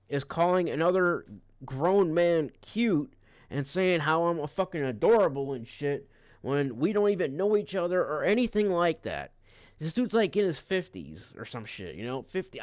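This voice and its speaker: Male streamer, casual rant, curses a lot, smooth voice a bit high, dry close mic. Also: dry recording. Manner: profane, rambling, irritated storytelling.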